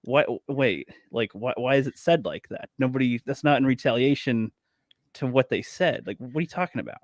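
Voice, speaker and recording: A man chats casually in a middle pitch, puzzled and halting, often tripping over his words. The sound is dry and close. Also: lively intonation, no echo. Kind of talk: casual chat.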